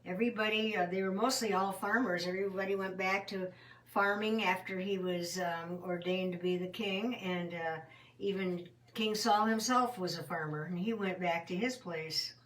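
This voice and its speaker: A woman's voice: medium pitch, steady tone, normal speed, a bit bright, distant mic, slight background noise, low-quality recording. Homey woman telling a Bible story. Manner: homey, rambling telling with fillers and self-corrections. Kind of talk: casual spoken Bible storytelling.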